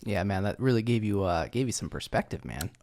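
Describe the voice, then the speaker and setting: A man's voice: lowish voice, lively intonation, fairly quick, darkish tone, dry recording. A man hosting a podcast in a studio, asking casual, probing follow-up questions with some stumbling starts. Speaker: podcast host. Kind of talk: conversational interview.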